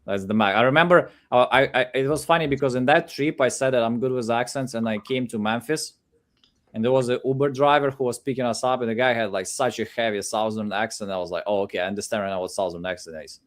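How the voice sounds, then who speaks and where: A man's voice: mid-range voice, fast talker. A man co-hosting a live sales stream in casual chat, rambling and restarting his sentences.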